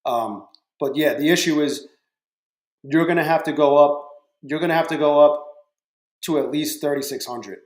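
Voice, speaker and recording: In a voice on the high side, a man runs a laid-back trading stream from home, calling out chat viewers by name and using plenty of profanity. He talks at normal speed but pauses often, and the room sounds echoey.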